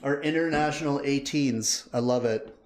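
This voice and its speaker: A man hosting a live stream, chatting casually and excitedly. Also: mid-range voice, moderate pace. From Canada. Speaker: live-stream reaction host. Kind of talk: casual live-stream chat, greeting viewers. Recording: roomy echo.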